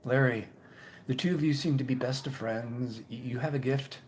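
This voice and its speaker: A man hosting a casual live stream, reading viewer comments and chatting in a rambling, halting way, repeating his words. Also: medium pitch, slight background noise. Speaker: YouTube channel host.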